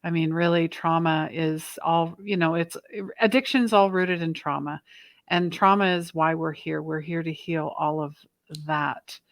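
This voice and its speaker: A woman hosts an interview in a chatty, reactive way, full of fillers and asides. Her voice sits on the low side and sounds dry and close to the mic. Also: steady tone, a little slow, dry recording. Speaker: podcast host. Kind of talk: conversational interview.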